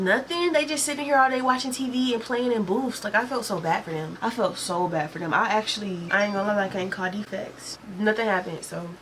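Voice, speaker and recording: A woman, retelling work stories in an animated, exasperated, slangy way. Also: medium pitch, a little hiss or hum. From Atlanta, Georgia. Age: late teens. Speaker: vlogger. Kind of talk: storytime vlog.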